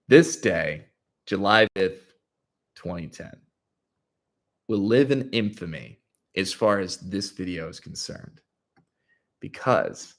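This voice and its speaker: A man's voice: on the low side, a bit bright. A young adult man on his channel, telling a story casually and animatedly, full of filler words. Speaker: YouTuber.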